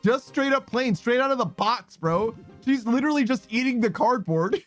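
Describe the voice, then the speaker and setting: High-voiced man laughing through stream chat. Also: expressive, normal speed, faint music behind. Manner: laughs often, teasing, reads chat messages aloud; slangy, swears freely. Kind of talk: casual live-stream chat.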